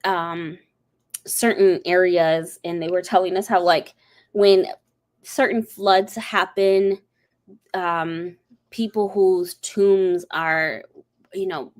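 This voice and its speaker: Chatty woman rambling through a story. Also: lowish voice. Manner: rambling, animated storytelling with many fillers. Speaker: host. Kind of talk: casual chat.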